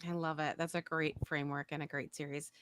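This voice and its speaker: A woman's voice: low-pitched, little pitch movement, fast talker, a bit bright, smooth, dry recording, studio quality. A woman hosting an interview, chatty and affirming, with frequent backchannels. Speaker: host. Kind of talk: casual interview talk.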